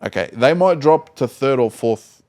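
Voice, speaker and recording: A man's voice: medium pitch, animated, moderate pace, a little mellow. A man co-hosting a casual football podcast, blunt and argumentative, teasing his co-host.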